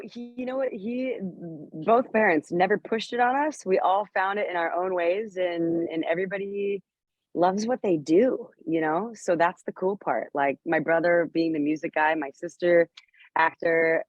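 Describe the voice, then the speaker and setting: A woman's voice: on the low side, no room sound. Actress guest, woman, bubbly and laughing, over a muffled and dry video call. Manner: bubbly, laughs often, filler-heavy.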